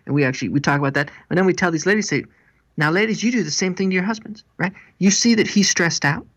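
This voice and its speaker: A pastor and marriage seminar speaker, an animated storyteller who acts out the people he quotes. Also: high voice, quick pace. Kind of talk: interview guest.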